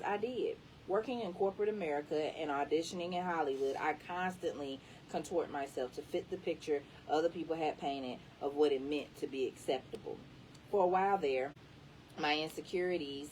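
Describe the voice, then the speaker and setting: A woman with a deep, low voice reads an inspirational book aloud, leaning hard into the words to encourage the listener. She sits a little back from the mic, and a faint low rumble runs underneath. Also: far from the mic, poor audio. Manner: emphatic, encouraging delivery. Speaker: reader.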